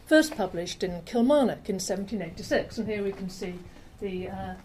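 Mellow-voiced woman giving a slide talk. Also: mid-range voice, animated, moderate pace, a little hiss or hum, poor audio. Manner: chatty, with fillers and self-corrections. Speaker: lecturer on rare books. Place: lecture room.

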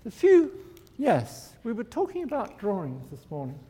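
A man's voice: high voice, wildly swooping pitch, normal speed, warm tone, husky. An older man, an architect, giving an informal lecture in a wry, digressive way, chuckling at his own jokes. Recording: lecture hall reverb.

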